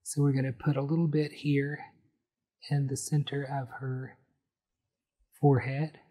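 A man's voice: mid-range voice, level tone, mellow, breathy edge. Friendly man teaching a painting lesson. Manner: friendly, unhurried, explains each brushstroke as he works. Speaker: painting instructor. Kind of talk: step-by-step painting tutorial.

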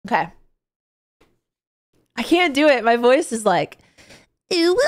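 A woman streamer with a sore throat, chatting excitedly and laughing during a live stream. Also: on the high side. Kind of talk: casual live-stream commentary.

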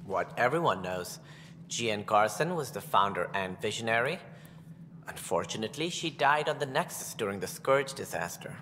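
A man's voice: lowish voice, expressive, moderate pace, bright, forceful tone, a little hiss or hum. An actor voicing a stern, haughty alien male colony director who speaks formally and looks down on common people. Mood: stiff, formal. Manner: formal, condescending about commoners. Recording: game audio with long reverb and music.

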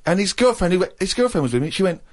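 A man's voice: sits high, very animated, racing, a little mellow. A man in his thirties, co-hosting a radio podcast and telling a comic anecdote, acting out other people's lines. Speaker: co-host.

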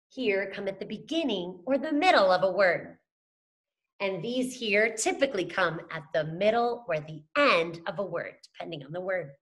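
A woman's voice: mid-range voice, a bit bright. A woman teacher leading a phonics lesson for young children, chanting letters and sounds and praising the class. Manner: sing-song chanting of letters and sounds, encouraging.

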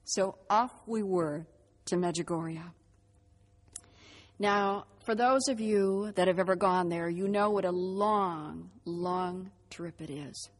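Speaking slowly in a voice on the low side, a middle-aged woman gives her faith testimony. She tells it vividly, acting out the dialogue and going hushed when she reflects.

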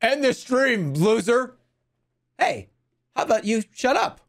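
A man's voice: very high-pitched, sing-song, slow pace, vocal fry, long pauses. A man chatting on his livestream, joking and acting mock-outraged, laughing often. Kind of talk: casual livestream chat.

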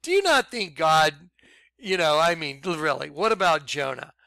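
A man giving an excitable, rambling personal testimony about his ministry, bursting into shouts. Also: fairly high pitch, moderate pace, vocal fry, dry recording. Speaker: ministry leader.

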